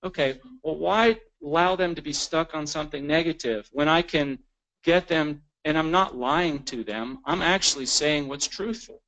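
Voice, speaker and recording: A man delivers a continuing education lecture casually, speaking at normal speed in a fairly high, slightly bright voice captured on a low-quality recording. He frequently restarts and repeats words, performing the quoted lines of clients and staff.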